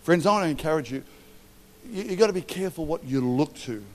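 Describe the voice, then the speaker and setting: A middle-aged man with an Australian accent preaching a sermon to leaders, animated and joking, acting out stories with quoted voices. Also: fairly high pitch, quick pace. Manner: animated, storytelling with acted quotes and humour. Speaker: pastor. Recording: long hall reverb.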